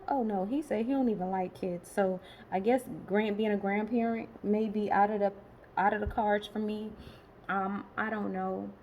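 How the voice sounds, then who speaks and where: A woman in her late forties talking in a personal vlog, tired and emotional, rambling and halting with many pauses and restarts. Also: medium pitch, a little mellow, a little hiss or hum, rough recording. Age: late 40s. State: tired and emotional, has been crying. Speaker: vlogger.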